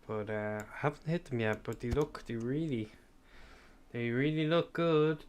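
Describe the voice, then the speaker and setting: A man's voice: medium pitch, a little slow. Chatty, swearing Irish man. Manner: rambling, sweary and chatty, eating sweets while talking. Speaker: streamer. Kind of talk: casual chat answering live chat.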